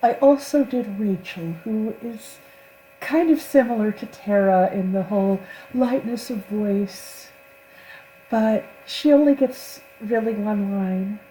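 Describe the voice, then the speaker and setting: A woman's voice: mid-range voice, takes it slowly, mellow, slight background noise, rough recording. A woman voice actor talking casually to the camera, chatty and self-deprecating.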